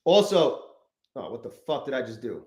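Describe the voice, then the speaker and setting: A man's voice: mid-range voice, big pitch swings, moderate pace, a little mellow, roomy sound. A man hosting a live stream, chatting casually and profanely, rambling and greeting viewers in the chat. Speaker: livestream host.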